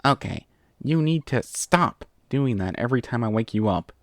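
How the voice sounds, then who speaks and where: A man's voice: mid-range voice, expressive, normal speed, dry recording, clean studio sound, natural voice. A man voicing a brash tomboyish young female pegasus pony who coaxes and pleads, from a storybook reading. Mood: cocky coaxing. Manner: cocky, pleading, wheedling.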